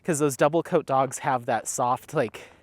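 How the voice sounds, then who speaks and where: A man's voice: mid-range voice, measured pace, no room sound. A man vlogging at an outdoor dog park, chatting casually in a rambling way. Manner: rambling, chatty, stops often to call his dog. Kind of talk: casual chat.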